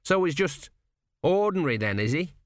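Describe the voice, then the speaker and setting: A man doing a chirpy, high young apprentice lad. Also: very animated, normal speed, no room sound, clean studio sound. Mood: eager. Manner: chirpy, keen, asks lots of questions. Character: plump eager young male apprentice, jokey. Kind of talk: audiobook character voice.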